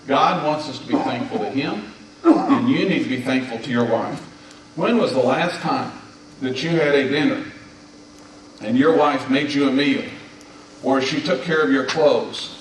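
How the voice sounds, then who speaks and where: At a men's gathering, a speaker in his fifties preaches on marriage in a folksy, emphatic way, having the men echo his words back in call-and-response. His voice is medium-pitched, captured by a distant mic in an echoey hall with slight background noise.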